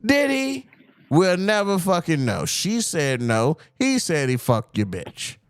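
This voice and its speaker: A man hosting a podcast in casual chat, talking in an animated, profane way and often mimicking other people's voices. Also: a little high, slow pace, clean tone, no room sound, faint music behind. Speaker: podcast host.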